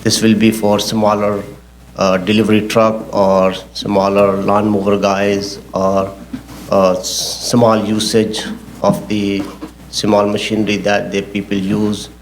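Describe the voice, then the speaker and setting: A man, the project engineer, presenting his case at a public zoning hearing in a halting, technical way, often repeating himself. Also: lowish voice, completely flat delivery, slight background noise.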